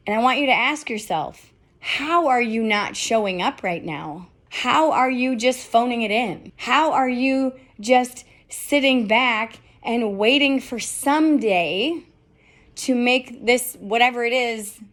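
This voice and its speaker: A middle-aged woman speaks a motivational podcast monologue in a fairly high voice. She talks candidly and emphatically, peppering her speech with rhetorical questions and casual swearing. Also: expressive, slow pace, a bit bright. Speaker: podcast host.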